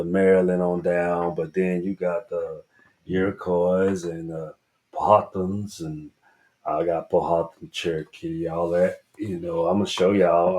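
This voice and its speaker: On a poor-quality recording, a Southern US man hosts a podcast, rambling emphatically through a casual book review and cursing without restraint. He speaks in a low, somewhat mellow voice.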